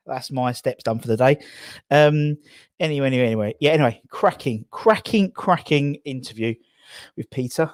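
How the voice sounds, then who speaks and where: Male stream host from England, out of breath, chatty and rambling, mid pitch, dry mic. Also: normal speed, dry recording. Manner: rambling, chatty, reads out viewer comments. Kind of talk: casual live stream chat. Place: garage.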